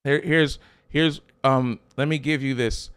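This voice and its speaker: A man's voice: mid-range voice, steady tone, measured pace, a bit bright, clean tone. A man preaching a sermon as a pastor, emphatic, with rhetorical questions and repeated phrases.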